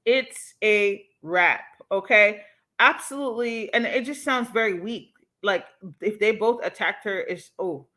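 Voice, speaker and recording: Woman, young adult, livestream host, casual commentary, animated, emphatic, swears, bright tense voice. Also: mid-range voice, moderate pace.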